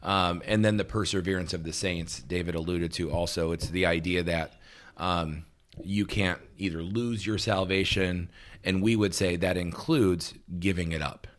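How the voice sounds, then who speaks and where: A man co-hosting a relaxed talk show, explaining points patiently and checking in with "right?" between them. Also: low-pitched, moderate pace. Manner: relaxed, with frequent "um" and restarts, laughs easily. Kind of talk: casual teaching conversation.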